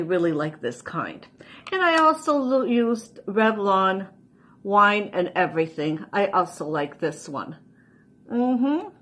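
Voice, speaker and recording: A woman's voice: mid-range voice, fairly bright tone. A woman in her sixties hosting a casual makeup show, talking through each step as she goes. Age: 60s. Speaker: show host doing a makeup tutorial. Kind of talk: casual makeup demonstration chat.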